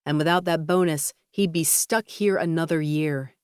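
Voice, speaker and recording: A woman reading a romance audiobook in a steady, even storytelling voice on a close studio mic. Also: deep voice, moderate pace, clear, resonant tone, no room sound. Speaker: audiobook narrator. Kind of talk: scripted narration.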